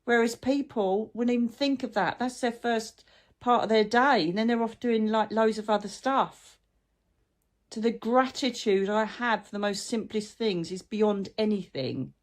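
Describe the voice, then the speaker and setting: A woman's voice: fairly high pitch, measured pace. Chatty woman vlogging. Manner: chatty, rambling, warm-hearted anecdotes. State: chronic illness, brain fog. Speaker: spiritual channel host. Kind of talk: casual heartfelt vlog chat.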